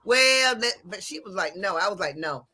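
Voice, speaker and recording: A woman co-hosts a radio talk show from the studio, speaking frankly and with assertive conviction. Her mid-range voice sounds bright and tense. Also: medium pitch, expressive, moderate pace. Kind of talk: casual chat.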